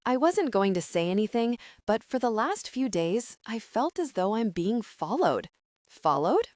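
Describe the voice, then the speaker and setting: Woman reading a measured low-key husband, close dry read. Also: big pitch swings, darkish tone, no room sound. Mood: uneasy. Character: calm adult husband, a bit uneasy. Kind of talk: audiobook character reading.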